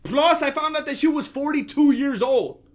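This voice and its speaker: A man's voice: extremely high pitch, moderate pace. A man hosting a comedic commentary rant, sarcastic and mock-outraged. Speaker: commentary channel host.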